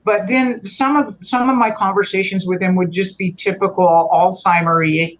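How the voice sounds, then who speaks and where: A woman's voice: medium pitch, steady tone, moderate pace, poor audio. A woman, a guest on the show, telling a long personal story in earnest conversational style, restarting and correcting herself often. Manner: rambling, frequent restarts and self-corrections.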